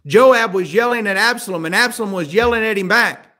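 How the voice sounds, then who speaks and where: A man's voice: high-pitched, a little fast, sharp tone. A man preaching a sermon, asking the listeners questions and acting out the voices of the people in the story. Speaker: pastor.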